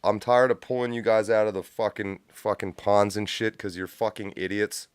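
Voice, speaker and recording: A man's voice: lowish voice, flat delivery, moderate pace, smooth, dry recording. A man hosting a live stream, giving blunt, profane reaction commentary from a home studio, close on a mic with a pop filter. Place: home studio with a cat nearby.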